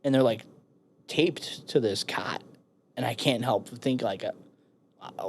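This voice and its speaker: A man's voice: mid-range voice, measured pace, creaky, pauses often, a little hiss or hum. A man in his thirties from the United States, a firefighter telling a war story in casual talk, swearing and acting out the others in it. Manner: swearing, animated when quoting others. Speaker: podcast guest, firefighter and veteran.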